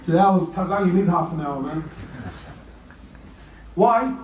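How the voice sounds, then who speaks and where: Animated preacher man in an echoey hall. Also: high-pitched, slow pace, dull audio. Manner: animated, rising to shouts, playful asides. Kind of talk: sermon. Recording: roomy echo, voice from a distance, faint noise.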